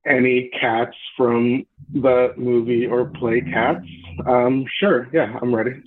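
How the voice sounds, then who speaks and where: A man's voice: mid-range voice, steady tone, slow, noisy background. A man calling in to a comedy show, chatting casually and hesitantly, with plenty of ums and laughs. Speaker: caller. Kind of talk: casual call-in chat. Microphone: phone call. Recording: tinny phone line.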